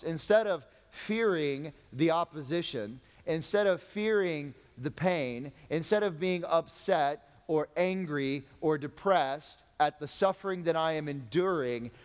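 A man's voice: on the high side, smooth, long reverb tail. A man preaching a sermon as pastor, folksy, with joking asides to the congregation.

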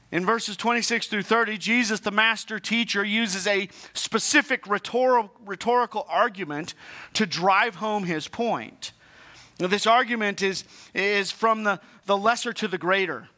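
Pastor, male, high bright voice, chatty sermon with humorous asides. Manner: conversational preaching with asides and self-deprecating humor; frequent restarts and repeated words.

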